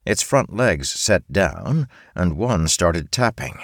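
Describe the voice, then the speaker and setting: A man narrating an audiobook in an expressive storytelling manner, recorded close on a studio mic. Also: deep voice, takes it slowly, no echo. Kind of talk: scripted narration.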